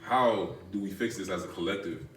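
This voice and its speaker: Deep-voiced male host, far off in a roomy space. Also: brisk. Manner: brief, agreeable replies. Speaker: podcast host. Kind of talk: interview questions. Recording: distant, roomy mic with faint noise.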